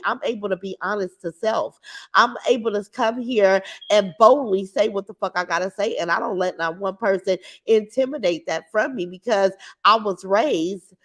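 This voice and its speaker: A woman hosting a casual livestream from her couch at home, talking to her chat through her computer in a brash, outspoken, boastful way. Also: mid-range voice. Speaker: livestream host reading chat. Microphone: computer mic.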